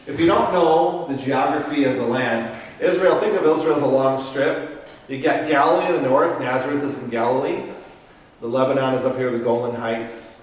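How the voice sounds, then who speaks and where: A man's voice: mid-range voice, recorded from a distance. A man, a parish priest, teaching a Bible study in a casual, step-by-step way, often checking in with the group. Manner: explains step by step, checks in with "Okay?". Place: parish meeting room. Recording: echoey room, voice picked up from afar.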